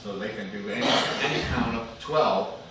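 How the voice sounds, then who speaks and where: A man's voice: medium pitch, normal speed. A man teaching a music class, explaining step by step and chanting rhythm syllables to his students. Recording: echoey classroom, far from the mic, loud noise.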